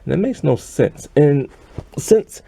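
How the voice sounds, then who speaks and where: A man's voice: fairly high pitch, lively intonation, slow, creaky, warm tone, breathy edge. A man ranting in an exasperated, rambling way about a TV episode, sighing often. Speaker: show reviewer. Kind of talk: ranting TV review.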